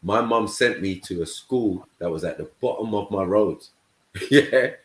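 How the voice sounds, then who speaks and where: Hosting a casual panel chat in an echoey room, an English man with a very deep voice tells stories at an unhurried pace. He keeps checking in with "you know what I mean."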